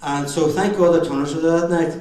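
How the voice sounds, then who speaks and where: A middle-aged Northern Irish man tells chuckling family stories at a wedding, his voice sitting a little high for a man. He stands back from the microphone, and the hall rings with heavy echo around him. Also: steady tone, brisk, darkish tone. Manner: jokey storytelling with chuckles. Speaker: father of the bride giving a speech. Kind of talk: wedding speech anecdotes. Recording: very echoey hall, far from the mic.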